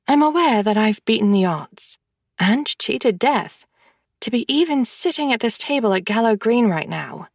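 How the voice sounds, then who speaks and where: A woman's voice: a little high, expressive, normal speed, vocal fry, no room sound, studio quality. A woman reading a first-person audiobook, with a wry, blunt manner. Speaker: audiobook narrator. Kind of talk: scripted first-person narration.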